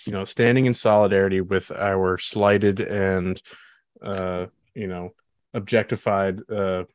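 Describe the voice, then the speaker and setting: A man hosts a podcast in easygoing chat. His voice sits fairly low, and he drifts through his points in a relaxed, rambling way. The sound is dry and close, with no room around it. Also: a little slow, clean tone, dry recording. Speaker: podcast host. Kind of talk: casual chat.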